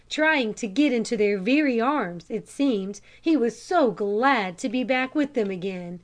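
A woman reading a children's storybook aloud in a calm, measured narration. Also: fairly high pitch. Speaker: audiobook reader.

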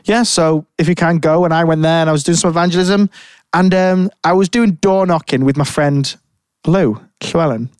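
A man's voice: a little high, moderate pace, darkish tone, clear, resonant tone, dry recording. A man telling a rambling story in casual chat, full of fillers and restarts. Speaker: podcast co-host.

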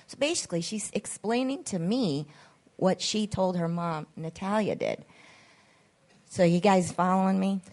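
A woman podcast host with a fairly low voice tells a story in casual chat at normal speed. She acts out the voices she's quoting and swears freely.

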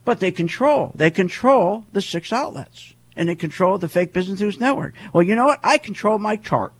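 A man's voice: high voice, animated, moderate pace. A man giving a heated, repetitive monologue as a market commentator, firing off rhetorical questions. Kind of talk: ranting monologue.

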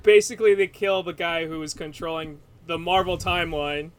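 High-voiced rambling podcast guy. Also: normal speed. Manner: rambling, laughing, swears freely. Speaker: podcast co-host. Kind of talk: casual podcast chat.

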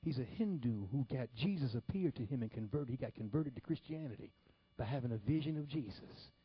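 Preacher guy, husky, storytelling sermon, goes loud then whispery, dry muffled recording. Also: mid-range voice, brisk, dry recording. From Detroit, Michigan. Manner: animated storytelling, swings from loud exclamations to hushed whispers. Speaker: pastor.

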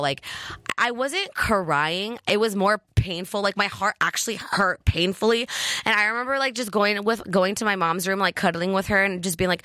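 A young woman chats through a personal story as a podcast host. She has a bright, crisp voice and fills her talk with "like" and slang. The recording is close and dry. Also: medium pitch, moderate pace, dry recording. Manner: chatty, peppers speech with "like" and slang. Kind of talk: casual confessional storytelling.

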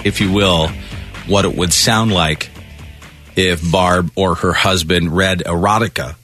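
A male radio host telling a story in animated, laughing banter. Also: low-pitched, a little slow, faint music behind.

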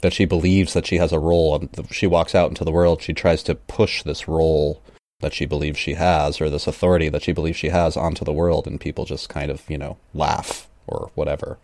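A man's voice: a bass voice, level tone, a little fast, darkish tone, dry recording. A man co-hosting a casual book discussion, laughing often and reading passages aloud. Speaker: podcast co-host.

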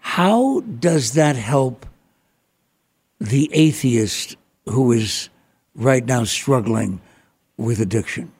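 A man hosting an interview, asking questions at an unhurried, deliberate pace. His voice sits at a middle pitch, with a gravelly, husky grain. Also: lively intonation, darkish tone. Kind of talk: conversational interview.

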